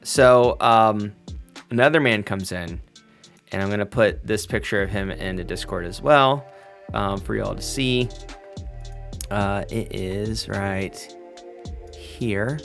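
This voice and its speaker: A low-voiced man narrates a tabletop game as game master, unhurried and loose, with plenty of fillers. Soft music plays behind him. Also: creaky. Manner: loose, filler-heavy description.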